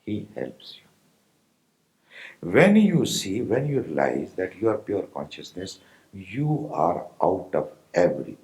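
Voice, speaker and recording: A man with an Indian accent giving a slow, pausing spiritual discourse to meditators, often asking his listeners if they follow. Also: low voice, huge pitch swings, darkish tone, rough recording. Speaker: spiritual teacher.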